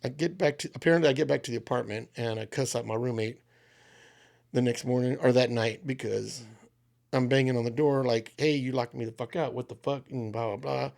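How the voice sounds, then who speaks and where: Male co-host, gravelly voice, animated profane storyteller, casual podcast chat. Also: medium pitch, brisk.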